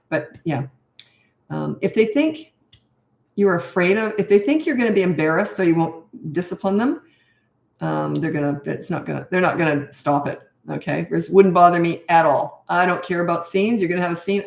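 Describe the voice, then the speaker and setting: A woman's voice: on the low side, normal speed, creaky, darkish tone, echoey room. An older woman and parenting coach answering viewer questions in a frank, blunt, self-mocking way.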